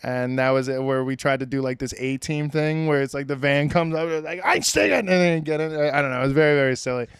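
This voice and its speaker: Young guy podcast host, smooth clear voice, dry close mic, rambly and self-deprecating. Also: mid-range voice, steady tone, quick pace, hardly any pauses, no room sound. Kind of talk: casual chat.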